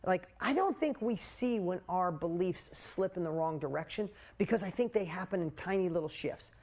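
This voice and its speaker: Talking at a moderate speed in a high-sitting voice, this forties-aged coach shares his own story on a live video group call, animated, frank, and dropping casual swear words.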